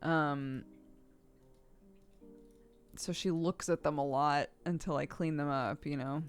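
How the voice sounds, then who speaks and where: A woman's voice: sits low, steady tone, slow pace, smooth, faint music behind. A woman streamer chatting casually, telling stories in a rambling, chatty way. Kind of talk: casual chat while gaming.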